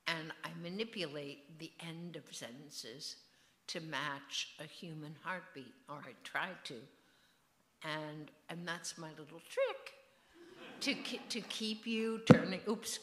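A woman's voice: low-pitched, reverberant. A woman author in an onstage festival conversation, musing and digressive, with a rhythmic way of speaking. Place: event hall.

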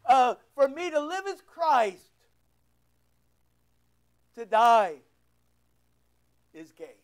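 High-voiced preacher. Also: male voice, very animated, extremely slow, clean tone. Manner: emphatic, rhetorical preaching with repeated phrases. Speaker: pastor. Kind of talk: sermon.

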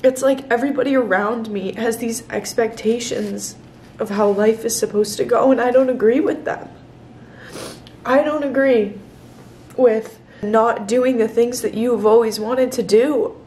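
A 21-year-old woman vlogger opens up in a confessional video, emotional and at times near tears, her voice a little high, darkish in tone, fairly even and unhurried. The footage begins outdoors and moves indoors, shot on a camera set down nearby.

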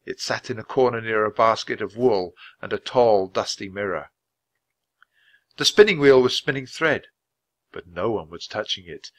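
A man reading a children's chapter book aloud at a natural, clear pace. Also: on the low side, a bit bright. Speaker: storybook reader.

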